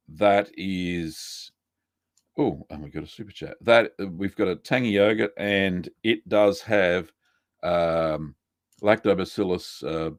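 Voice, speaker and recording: A man hosting a live cheesemaking Q&A, relaxed and chatty, reading out viewer messages with lots of ums. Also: low-pitched, vocal fry, no room sound, clean studio sound. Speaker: cheesemaking show host answering live chat. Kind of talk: casual live-stream Q&A.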